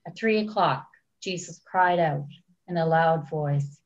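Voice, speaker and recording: A woman church leader reads scripture aloud in a measured, solemn manner. Her voice sits somewhat low. The recording is dull and lo-fi. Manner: measured, deliberate reading.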